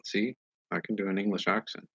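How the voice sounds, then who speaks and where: A man talking straight to his viewers in a casual monologue, earnest and halting as he searches for words. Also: low voice, fairly even intonation, slightly rough, dry recording. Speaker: vlogger addressing viewers. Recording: dull lo-fi recording.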